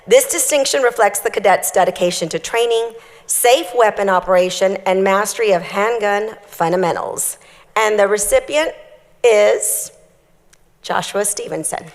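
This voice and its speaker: A woman's voice: mid-range voice, moderate pace. A woman hosting a ceremony, announcing awards in an upbeat, friendly way. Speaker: ceremony emcee. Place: large hall. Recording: reverberant hall.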